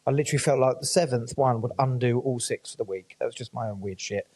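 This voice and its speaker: A man tells his stories at a quick clip, one after another. His voice is mellow and somewhat dark. He swears freely and acts out the voices of the people he quotes. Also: medium pitch, slightly rough. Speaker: podcast guest. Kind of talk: casual storytelling chat.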